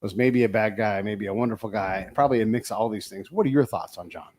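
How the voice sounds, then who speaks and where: A man's voice: fairly low pitch, fast talker, darkish tone. A man hosting a podcast interview at a guest's home, talking in a laid-back, slangy, upbeat way. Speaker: podcast host. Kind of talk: casual interview.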